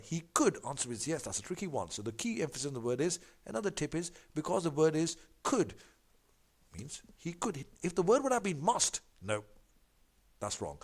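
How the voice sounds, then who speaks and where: A man working through exam practice questions as a tutor. He talks in an emphatic way, stumbles and corrects himself often, and keeps repeating catchphrases. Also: mid-range voice. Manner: animated, emphatic, repeats catchphrases like "big fat no".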